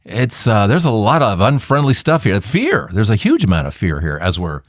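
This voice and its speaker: A man's voice: lowish voice, huge pitch swings, moderate pace, no echo, clean studio sound. A man hosting a faith podcast, commenting in an emphatic, preacherly way with rhetorical questions. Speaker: podcast host.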